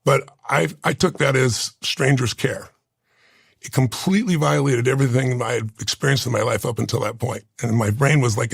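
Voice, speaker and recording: A man in his sixties with a gravelly, husky voice. He tells a deeply personal story in an interview, earnest and intense. The sound is dry and close to the mic. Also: moderate pace, no echo. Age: 60s. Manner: earnest, intense, rough gravelly voice, moved to tears. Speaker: interview guest.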